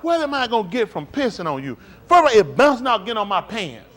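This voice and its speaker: Here a high-voiced man preaches quickly during a live-streamed sermon. His emphatic, conversational style draws call-and-response from the congregation, and his animated delivery swings between quiet and loud.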